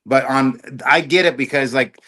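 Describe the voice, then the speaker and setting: A middle-aged man, a storage auction YouTuber, talking on a podcast as a guest in an animated, talkative way. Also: mid-range voice, normal speed. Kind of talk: casual podcast chat.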